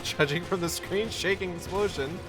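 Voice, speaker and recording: A man's voice: sits high, normal speed. A man casually commenting while streaming a video game, swearing often and mocking himself as he plays. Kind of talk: let's play commentary. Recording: game music behind.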